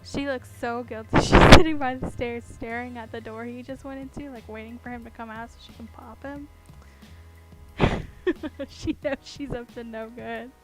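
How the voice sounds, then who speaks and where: A woman's voice: a little high, steady tone, moderate pace, soft background music. A young woman chatting casually at her home desk while she carves pumpkins. She rambles and giggles, with lots of fillers. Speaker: streamer.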